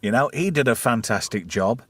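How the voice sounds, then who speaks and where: A man's voice: mid-range voice, lively intonation, normal speed, slightly rough, dry recording. A man hosting a casual, crude chat show, riffing bawdy jokes and laughing a lot. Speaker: podcast host.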